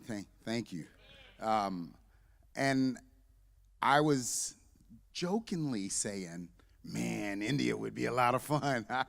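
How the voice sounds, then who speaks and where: A man in his fifties tells a funny church testimony, jumping into the voices of his own story as he goes. His voice is of middling pitch. It rings with the long reverb of a big sanctuary. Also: gravelly. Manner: lively, joking storyteller who acts out dialogue. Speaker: church deacon and visiting parent. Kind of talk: humorous testimony to a congregation.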